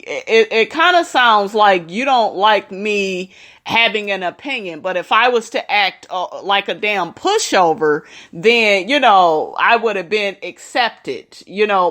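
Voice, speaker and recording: A woman's voice: mid-range voice, fairly bright tone. Blunt outspoken woman vlogger. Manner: blunt, outspoken, addresses viewers directly. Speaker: commentary vlogger. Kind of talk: casual commentary.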